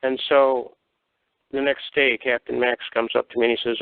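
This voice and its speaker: A man's voice: medium pitch, level tone, normal speed, gravelly, clear, resonant tone, no room sound. An older man from the Detroit area telling folksy, blunt war stories on a call-in show. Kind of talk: casual storytelling. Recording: tinny phone line.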